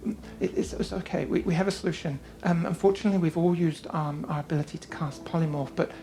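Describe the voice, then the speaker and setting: A woman voicing a small, cheerful female pixie who talks in a high, soothing voice. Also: steady tone, fast talker, mellow, lightly acted, rough recording. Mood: reassuring. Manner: soothing, eager to please.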